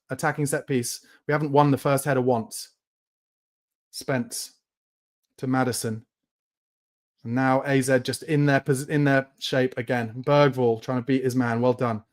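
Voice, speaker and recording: A man hosting a live fan watchalong, giving play-by-play and angry, swearing rants about his team. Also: mid-range voice. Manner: angry, swearing, shouts in bursts. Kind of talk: live match reaction and commentary.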